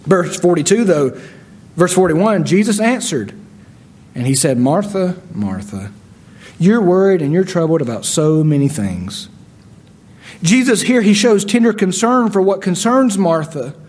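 Man, sermon, expressive preaching, high voice. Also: normal speed. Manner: expressive preaching, voicing biblical characters with shifting loudness. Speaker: pastor.

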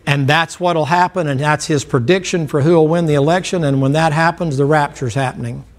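A man's voice: on the high side, fairly quick. A man, preaching a sermon in a folksy, joking manner. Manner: folksy, animated preaching with jokes. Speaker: pastor.

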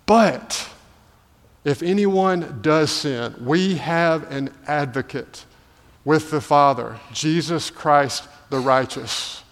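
A man's voice: mid-range voice, slow. A male pastor delivering a sermon, asking rhetorical questions and building to emphatic peaks. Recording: long hall reverb.

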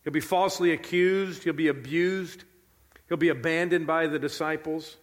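A man preaches in an earnest, emphatic way, repeating his key lines for weight. His voice sits a little high for a man. A long reverb trails behind each phrase, as in a large hall. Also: fairly even intonation, normal speed. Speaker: pastor. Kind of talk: sermon.

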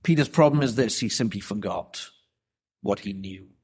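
A man preaching an expository sermon, emphatic and deliberate, with rhetorical questions. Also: on the low side, darkish tone, husky.

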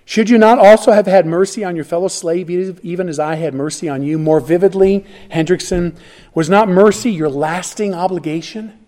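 A man preaching with a high voice, pressing hard on key words. He works through the passage verse by verse, often restarting phrases mid-thought. The delivery is animated and earnest. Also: moderate pace. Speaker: pastor. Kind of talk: expository sermon.

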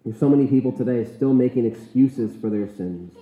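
Emphatic preacher in an echoey church. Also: male voice, medium pitch. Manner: earnest, emphatic preaching with slow stressed words. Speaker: pastor. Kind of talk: sermon. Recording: echoey room, tinny phone-like sound.

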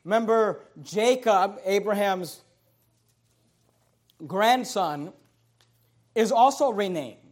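Male preacher, high voice, emphatic scripture reading. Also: slow pace, pauses often. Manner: emphatic, reads scripture aloud with stress. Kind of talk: sermon.

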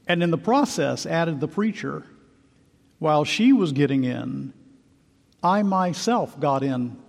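Male preacher, earnest sermon delivery, gravelly, long reverb. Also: on the high side. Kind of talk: sermon with story narration.

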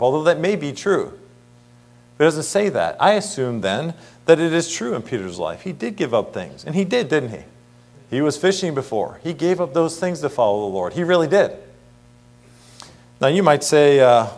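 A man's voice: medium pitch, very animated, moderate pace, darkish tone. A middle-aged man preaching an earnest Bible sermon, asking the congregation rhetorical questions and reading scripture aloud.

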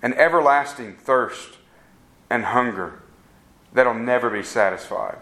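A man's voice: mid-range voice, a little slow, sharp tone. A man preaching a sermon, making earnest, pleading appeals to his listeners.

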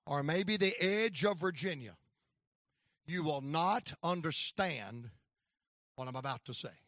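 High, lively North Carolina preacher. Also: male voice, measured pace, no room sound, studio quality. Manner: folksy storytelling, rising to shouts. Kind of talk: sermon.

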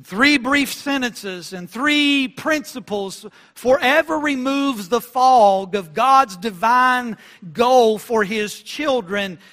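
A man preaching a sermon in church, emphatic and surging loud on key phrases, stretching out quoted scripture slowly. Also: very high voice. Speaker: pastor.

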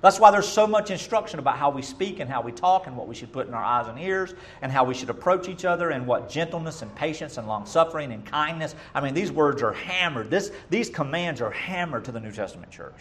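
A middle-aged pastor delivers a sermon in a fairly high voice for a man. He preaches emphatically, jumping from loud, punchy lines down to soft, murmured asides. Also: animated, a little fast, few pauses, a little hiss or hum.

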